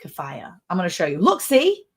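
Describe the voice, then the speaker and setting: A woman's voice: lowish voice, wildly swooping pitch, brisk, breathy edge. A middle-aged woman co-hosting a casual livestream chat, talking in a chatty, rambling way and laughing often. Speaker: livestream co-host.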